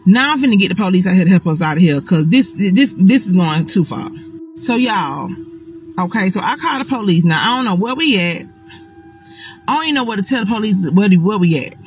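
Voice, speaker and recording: A woman telling a personal story straight to her audience in a casual storytime monologue, animated and dramatic, swearing often. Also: mid-range voice, brisk, faint music behind, poor audio.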